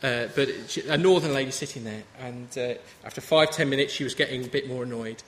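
A man's voice: medium pitch, quick pace, slight background noise. A man in his thirties preaching a sermon in a chatty, story-telling way. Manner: conversational, anecdotal preaching. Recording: reverberant hall with faint ambience.

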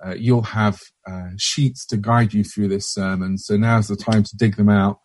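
A man's voice: lowish voice, fairly even intonation, moderate pace, darkish tone, dry recording. A man preaching a sermon in a church, hesitant, with frequent restarts and fillers.

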